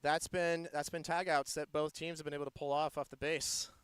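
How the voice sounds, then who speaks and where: Playful, excitable American male sports commentator; somewhat high, smooth voice, dry close sound. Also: fairly quick, no echo. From United States. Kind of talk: live play-by-play commentary.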